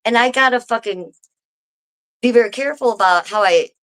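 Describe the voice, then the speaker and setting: A woman's voice: a little high, a little fast. A woman live streaming from home, talking straight to her viewers in a casual, swearing rant. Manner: swearing, animated, talks to viewers directly.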